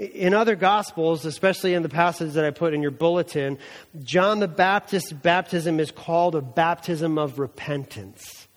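Male pastor, fairly high voice, casual sermon style, echo of a big church hall. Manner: conversational preaching, voicing characters in asides.

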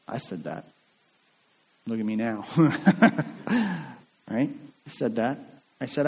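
A man preaching a sermon in a casual, animated way, acting out the lines of the people in the story. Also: medium pitch, slow pace, pauses often, breathy edge, in a large hall. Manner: conversational and animated, acting out quotes. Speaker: pastor.

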